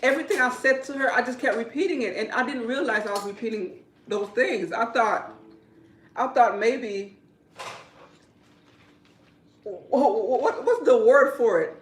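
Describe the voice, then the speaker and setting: A woman who works as a hairdresser, telling a story in casual talk, animated and repetitive, often breaking into laughter. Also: on the high side, unhurried, pauses often, slight background noise. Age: adult. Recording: roomy, from a distance.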